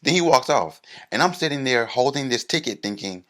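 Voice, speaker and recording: A man doing stand-up, telling a self-mocking story with animated comic timing. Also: medium pitch, a little fast, hardly any pauses. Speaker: comedian.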